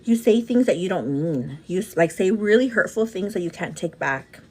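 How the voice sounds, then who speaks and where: A woman's voice: on the low side, animated, a little mellow, slightly rough. A woman in her thirties chatting casually with a livestream audience while doing her makeup, talking openly in a friendly, rambling way. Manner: chatty, says "girl" often, quick asides. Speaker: vlogger answering live chat.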